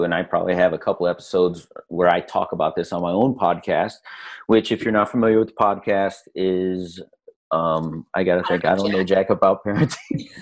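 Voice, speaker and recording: A man with a lowish voice talks on a podcast in a casual, animated way. He coaches from stories and jumps up in pitch to act out what people say. He sounds middle-aged. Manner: animated storyteller acting out quotes. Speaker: podcast guest, lifestyle coach.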